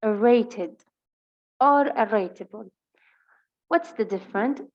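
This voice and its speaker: A woman teaches English with a Levantine Arabic accent, her first language being Arabic. She reads example sentences slowly and explains them at a brisk pace. The recording is slightly dull and lo-fi. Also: on the high side, a little mellow. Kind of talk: bilingual vocabulary lesson.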